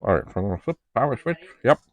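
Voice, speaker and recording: A man's voice: medium pitch, very animated, very fast. A middle-aged man hosting a vlog, chatting casually as he narrates each step of his work with playful little asides. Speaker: vlog host testing vintage computers. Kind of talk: casual narration while working.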